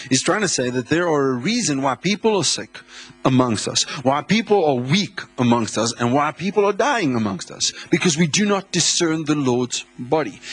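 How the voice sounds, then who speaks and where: A man from South Africa, a visiting pastor, preaching a sermon in a church, excitable, laughing often and repeating words. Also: mid-range voice, husky. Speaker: guest pastor.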